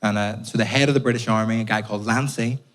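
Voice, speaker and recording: A man's voice: fairly low pitch, steady tone, quick pace. Young irish guy doing stand-up, storytelling with sweary punchlines, live crowd. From Ireland. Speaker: stand-up comedian. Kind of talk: stand-up comedy set. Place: theatre stage before a live audience.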